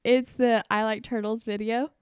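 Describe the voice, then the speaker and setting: A young woman co-hosting a podcast, giggly and animated as she tells stories to a friend. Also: a little high, normal speed, clear, resonant tone, dry recording, studio quality. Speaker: podcast co-host. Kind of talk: casual chat.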